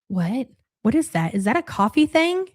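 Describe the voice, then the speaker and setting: A woman's voice: fairly high pitch, sing-song, normal speed, slight background noise. A young adult woman giving casual live-stream reaction commentary, blunt and sarcastic, swearing freely and thanking viewers.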